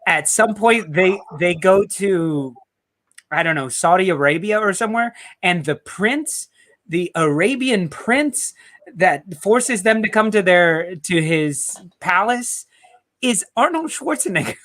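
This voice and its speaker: Joking guy co-hosting a football fan show on a video call, slightly high voice, laughs a lot. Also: takes it slowly. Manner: joking, animated, laughs often. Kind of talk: casual banter on a live video show.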